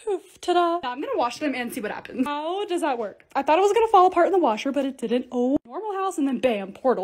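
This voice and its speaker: A young woman narrating her home organizing projects in a chatty, excitable voice-over with quick asides. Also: high-pitched. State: hoarse, losing her voice. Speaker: lifestyle creator.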